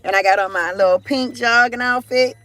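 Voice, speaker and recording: A middle-aged woman hosting a casual live stream, talking loudly and profanely in an animated rant from outdoors near a car on her phone. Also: on the high side, brisk, faint music behind. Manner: loud, profane, animated ranting. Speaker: livestream host.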